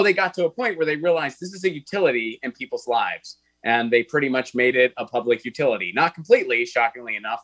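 Male co-host, casual and jokey, mid pitch, dry close sound. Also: fairly bright tone, dry recording, rough recording. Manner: jokey, puts on mock voices in bits. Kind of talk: casual chat on a video call.

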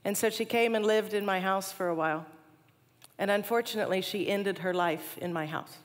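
A woman in her forties giving a storytelling chapel talk, animated and laughing at herself now and then. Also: medium pitch, brisk. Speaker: chapel speaker. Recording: long hall reverb.

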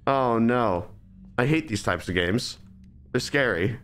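Jittery, animated young-sounding man streaming. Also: mid-range voice, slow pace, clear, resonant tone, faint music behind. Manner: jittery, nervous, rambling. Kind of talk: live horror game commentary.

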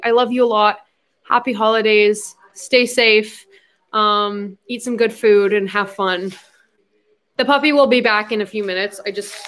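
Chatty young woman with a high voice. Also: a bit bright. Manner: chatty and giggly, baby-talking to her puppy. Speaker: livestream host. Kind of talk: casual livestream chat.

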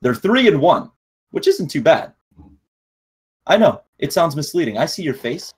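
A man's voice: on the high side, sing-song, normal speed, husky. A young man co-hosting an esports podcast, laid-back and joking, reading out chat and giving match rundowns. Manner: laid-back, laughing, bro-talk. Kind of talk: casual chat.

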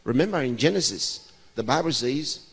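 A man's voice: mid-range voice, lively intonation, normal speed, creaky, breathy edge. A man in his sixties, a pastor, preaching a sermon by asking questions and answering them himself. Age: 60s. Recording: long reverb of a large hall.

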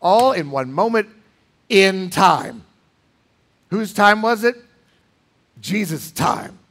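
A pastor preaching in a church, emphatic, with dramatic swings between loud lines and hushed ones. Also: male voice, high voice, lively intonation, takes it slowly. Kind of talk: sermon. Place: church sanctuary.

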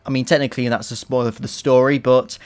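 A man doing sarcastic, profane, excitable commentary while playing a video game, recorded into a desk microphone. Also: mid-range voice, fast talker. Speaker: let's play commentator.

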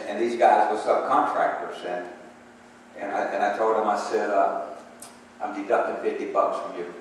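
In a church sanctuary, a man with a fairly low voice preaches a sermon, shifting between emphatic calls for response and conversational storytelling. The recording is from far off in an echoey hall, with slight background noise.

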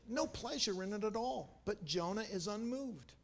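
A man preaching a sermon in a church, telling stories with dramatic swings in pitch and volume. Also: lively intonation, moderate pace, few pauses.

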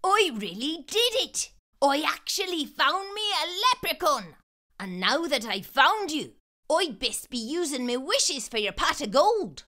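An eager young finder from a storybook, voiced by a woman reading aloud, talks in an earnest, excited rush. His raised voice bounces with lively pitch and a bright, clear tone. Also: unhurried, heavily acted.

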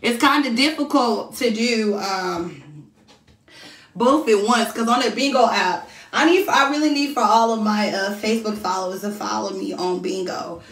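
A woman's voice: medium pitch, normal speed. A woman hosting a casual livestream from home, chatting straight to her viewers and reading their comments aloud. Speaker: livestream host. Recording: echoey room, voice from a distance.

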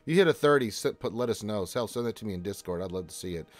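A man's voice: lowish voice, expressive, very fast, dry recording. A man hosting a casual gaming livestream, reading chat messages aloud and greeting viewers with loose jokes and plenty of fillers. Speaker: livestream host.

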